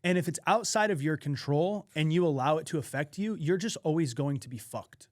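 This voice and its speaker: Animated, swearing male podcast storyteller. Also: a little high, a little fast. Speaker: podcast co-host. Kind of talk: casual podcast chat.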